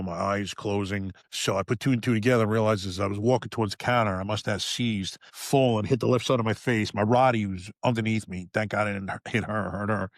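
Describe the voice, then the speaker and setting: A man in his fifties, a retired police officer, telling his own story as a podcast guest, frank and profane, with halting restarts. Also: lowish voice, no room sound, studio quality. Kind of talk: candid personal storytelling.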